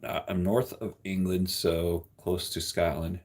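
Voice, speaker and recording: A man hosting a livestream, chatting casually with viewers and reading their comments out loud. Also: sits low, fairly even intonation, a little slow. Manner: chatty, rambling, ranting. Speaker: livestream host.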